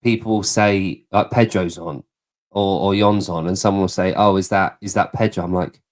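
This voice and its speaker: Chatty English man, low voice. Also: fairly even intonation, normal speed. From southeast England. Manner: chatty, laughs easily, swears casually. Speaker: podcast host. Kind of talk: casual chat.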